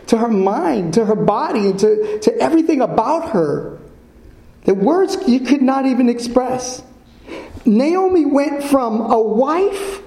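A man preaching a sermon to a congregation in a church, repeating his points slowly and quizzing the listeners with fill-in questions. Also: very high-pitched, vocal fry, dark tone. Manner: slow, emphatic repetition. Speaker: pastor. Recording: echoey church room.

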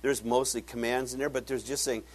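A man's voice: medium pitch, fairly even intonation, brisk. An older man giving a casual Bible teaching, telling folksy stories and acting out the voices of the people in them. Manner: folksy storytelling, acts out quoted voices. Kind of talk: casual sermon.

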